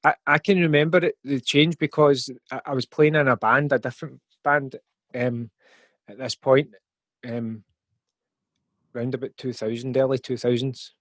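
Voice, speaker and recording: A man's voice: medium pitch, steady tone, normal speed, a bit bright, dry recording. A Scottish man in his forties, a rapper guest on a podcast, talking reflectively and thinking aloud with plenty of fillers. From Scotland. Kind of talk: podcast interview.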